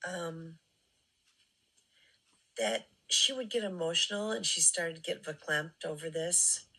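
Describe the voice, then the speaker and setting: Slow, gravelly-voiced woman commentator. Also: on the low side, pushed and bright, low-quality recording. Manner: sarcastic, critical, pauses with fillers. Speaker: commentary channel host. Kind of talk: critical commentary on clips.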